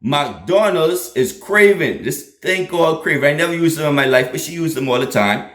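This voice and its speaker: Casting: man in his thirties, channel host, lively storyteller, fairly high voice, echoey room. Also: normal speed. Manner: animated, laughing, repeats lines for emphasis. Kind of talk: casual storytelling to an online audience.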